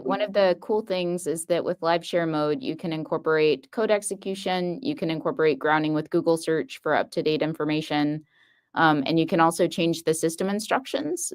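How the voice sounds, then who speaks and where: Woman, low voice, smooth and resonant, hesitant, thinking aloud on a live demo. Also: darkish tone. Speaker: guest expert on a live stream. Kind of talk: live coding demo, casual.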